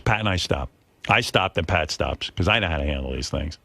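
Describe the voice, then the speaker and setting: A middle-aged man hosting a radio show, telling a self-deprecating, profane story in casual chat with lively quoted voices. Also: rumbling low, fairly quick, creaky, dry recording. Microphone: studio broadcast mic.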